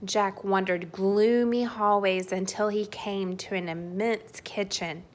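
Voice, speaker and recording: A woman reading a children's storybook aloud with expressive, playful narration. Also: medium pitch, takes it slowly.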